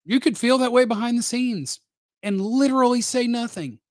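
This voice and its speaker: A man's voice: very high voice, moderate pace, no room sound, clean studio sound. A man hosting casual live-stream sports commentary, blunt and opinionated with a rambling delivery. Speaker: sports radio host.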